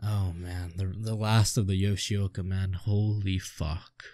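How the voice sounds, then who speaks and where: A man's voice: sits low, level tone, slow pace, darkish tone, dry recording, studio quality. A young man reading a manga aloud and reacting, swearing often and exclaiming in awe. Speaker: streamer.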